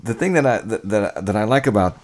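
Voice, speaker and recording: A man with a very deep voice speaking in a relaxed, casual way. He trips over repeated words as he offers friendly feedback to another comic. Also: brisk. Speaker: fellow comedian, co-host. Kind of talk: casual podcast chat.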